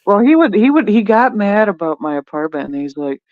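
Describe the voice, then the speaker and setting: A voice in casual chat as a veteran podcast co-host, blunt and profane, laughing often. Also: male voice, high voice, sing-song, a little fast, narrow, tinny audio, a little hiss or hum.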